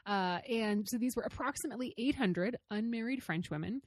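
A woman's voice: fairly high pitch, brisk, no room sound. A woman co-hosting a podcast, playfully teasing her co-host and explaining history in casual chat. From Canada.

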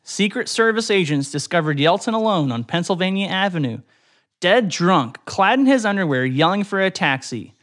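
A man's voice: sits high, expressive, normal speed, a bit bright. A young man co-hosting a casual podcast, reading odd stories aloud and laughing often. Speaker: podcast co-host. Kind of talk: casual chat, reading trivia.

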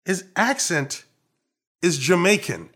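A young man from Trinidad and Tobago with a Trinidadian accent, co-hosting a casual chat and telling stories in an animated, playful way. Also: high voice, slow, husky. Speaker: podcast co-host.

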